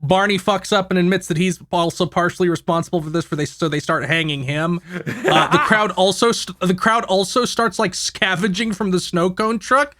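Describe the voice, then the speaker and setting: A man's voice: sits high, moderate pace, bright, forceful tone. A man casually retelling a movie plot to friends, rambling, swearing and laughing. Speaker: podcast host, main recapper. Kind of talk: casual movie recap chat.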